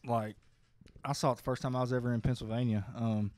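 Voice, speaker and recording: A man's voice: mid-range voice, level tone, fast talker, a little mellow, no room sound. A man with a thick Arkansas Southern accent, a comedian guest telling stories in an easygoing way. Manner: thick drawl, easygoing storytelling. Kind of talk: casual chat.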